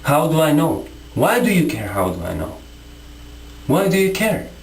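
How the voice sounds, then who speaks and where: Male vlogger, combative rant to camera, lively swinging pitch, echoey room. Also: moderate pace, a little hiss or hum. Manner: confrontational, repetitive, rhetorical questions. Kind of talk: impassioned monologue to camera.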